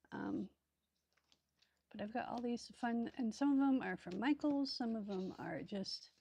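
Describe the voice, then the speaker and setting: A woman's voice: a little high, darkish tone, husky. A woman hosting a crafting video, chatting casually and thinking aloud with many ums and asides as she sorts supplies. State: hiccups. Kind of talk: casual crafting tutorial chat.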